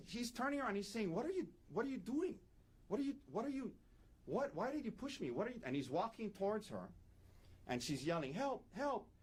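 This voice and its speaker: Animated man giving an opening statement. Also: a little high. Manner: animated, emphatic, repeats key points. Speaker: defense attorney.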